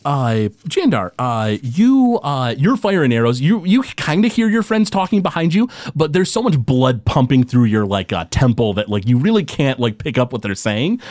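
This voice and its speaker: A man's voice: mid-range voice, big pitch swings, normal speed, hardly any pauses, darkish tone, no room sound, clean studio sound. Chatty man running a tabletop game. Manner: rambling, full of "like" and restarts. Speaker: game master.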